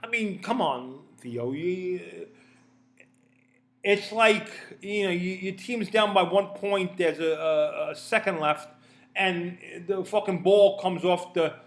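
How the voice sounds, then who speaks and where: A man's voice: high voice, takes it slowly. A man giving a casual opinion rant, rambling and profane, often stammering and repeating words. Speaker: commentator.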